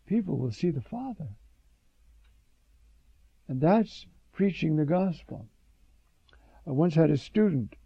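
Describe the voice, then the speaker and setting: Old priest giving a sermon, raspy voice, tells stories then gets emphatic, kinda lo-fi. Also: male voice, on the high side, no room sound. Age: older. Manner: reflective, storytelling, with sudden emphatic rises.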